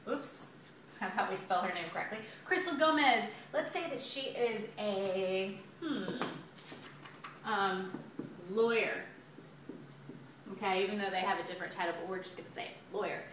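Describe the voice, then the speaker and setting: A woman teaches a grammar lesson in a chatty, upbeat way, drawing out words as she writes them on the board. Her voice is bright and clear. The sound is echoey and picked up from a little way off the mic. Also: medium pitch, moderate pace, far from the mic, slight background noise. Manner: chatty, upbeat, stretches out words while writing. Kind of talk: classroom lesson at a whiteboard. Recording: echoey room, voice a bit off-mic.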